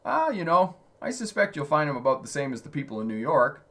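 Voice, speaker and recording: A man's voice: fairly high pitch, big pitch swings, fairly quick, a bit bright. A man voicing a dry, matter-of-fact local man who delivers the punchline of a joke. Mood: knowing.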